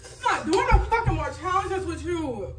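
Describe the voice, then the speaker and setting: A woman's voice: very high voice, expressive, normal speed, distant mic. A young woman complaining and cursing while tearful, her mouth burning from a spicy chip. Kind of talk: casual vlog banter. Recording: echoey room, off-mic, loud background noise.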